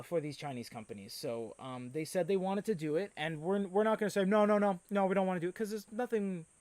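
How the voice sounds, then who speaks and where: Chatty man with a high voice. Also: no echo. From Canada. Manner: chatty, reads viewer comments aloud, excitable. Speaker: livestream host. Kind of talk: casual live-stream chat.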